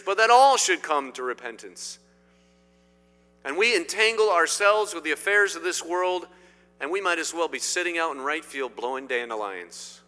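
A middle-aged man from Indiana preaching a sermon in a church, swinging between loud declarations and quiet asides. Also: on the high side. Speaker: pastor. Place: church sanctuary. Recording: long hall reverb.

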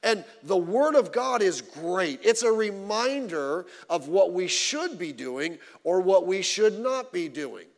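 Pastor with a dramatic, swinging delivery. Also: male voice, big pitch swings, slow pace, few pauses, in a large hall. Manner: swings between loud emphatic lines and low quiet asides; informal storytelling with humor. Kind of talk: sermon. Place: church.

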